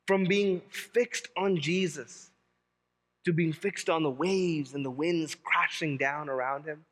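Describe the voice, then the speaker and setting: A male pastor preaching a sermon in an animated, humorous way, often repeating key phrases for emphasis. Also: sits high, long reverb tail.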